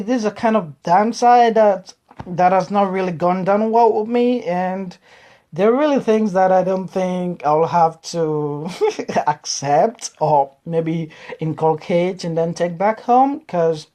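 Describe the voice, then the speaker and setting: A woman from Africa with an African English accent, telling her story in an interview in a casual, animated way, often repeating words and acting out other people's reactions. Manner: animated, acts out quoted reactions with big pitch jumps; repeats words and restarts phrases. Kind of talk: casual personal account.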